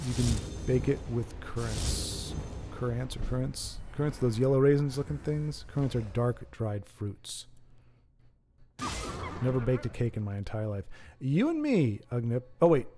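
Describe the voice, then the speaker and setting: A man's voice: medium pitch, steady tone, normal speed, dark tone, slight background noise. A man hosting a live stream, chatting with viewers and commentating a card game match in a rambling, self-mocking, jokey way. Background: background music.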